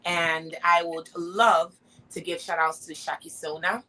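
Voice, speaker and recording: A woman's voice: on the low side, little pitch movement, measured pace, bright, forceful tone, rough recording. A woman guest on a live talk show, a singer and dancer, speaking in an upbeat, motivational way. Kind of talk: live interview.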